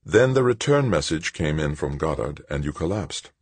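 A man voicing a cool, composed nun who speaks softly and calmly. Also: rumbling low, moderate pace, husky, no echo, full character voice. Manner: soft, calm, coaxing. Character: cool, composed nun, soft-spoken woman.

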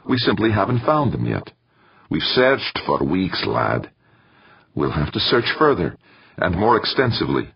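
A man voicing an indignant, excitable scientist. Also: low-pitched, measured pace, creaky, slightly rough, dull audio, voice pushed up, full character voice. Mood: insistent. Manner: rising, indignant outbursts. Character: excitable male scientist, quick to anger.

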